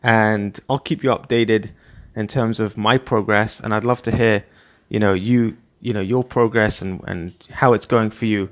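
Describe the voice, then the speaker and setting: A man's voice: on the low side, steady tone, moderate pace. A middle-aged man, the host, giving an earnest motivational talk, repeating his points and now and then acting out what a scolding parent says. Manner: earnest, repetitive, acts out scolding parent voices. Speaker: podcast host. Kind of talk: motivational monologue.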